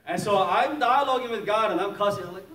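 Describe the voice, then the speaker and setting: Man preaching a lively testimony, roomy hall. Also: sits high, quick pace. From Maryland, USA. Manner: lively storytelling, acts out scenes, laughs often. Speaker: pastor. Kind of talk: testimony sermon. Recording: roomy echo, distant mic, faint noise.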